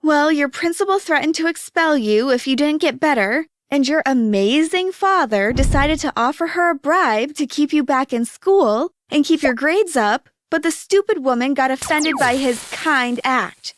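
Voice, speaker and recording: A woman's voice: very high-pitched, animated, moderate pace, few pauses, no room sound, clean studio sound. A woman voicing a wealthy mother who talks in a sarcastic, biting way.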